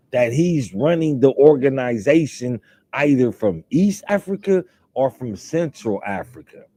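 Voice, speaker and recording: Male podcast host, slow unhurried talk, warm darker tone, dry close sound, lots of ums and rhetorical questions. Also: medium pitch, dry recording. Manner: rambling, with fillers and repeated restarts; rhetorical questions, mock-quoting others. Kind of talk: casual commentary monologue.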